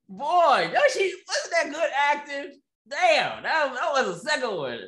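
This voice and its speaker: A man's voice: very high voice, sing-song, measured pace, a bit bright. Man, ranting commentary host, mocking and repetitive, roomy echo.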